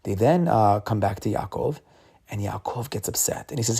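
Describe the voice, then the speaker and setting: A man's voice: lowish voice, moderate pace, mellow, breathy edge. A man giving a casual, conversational Torah talk, often restarting and repeating words as he retells the story. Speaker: Torah teacher.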